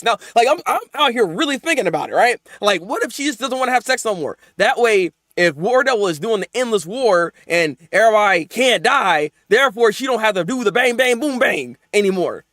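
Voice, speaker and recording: A man hosting a live manga reaction, talking in casual slang, often laughing and swinging between mumbled asides and loud excited outbursts. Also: very high voice, fast, hardly any pauses, no room sound, studio quality.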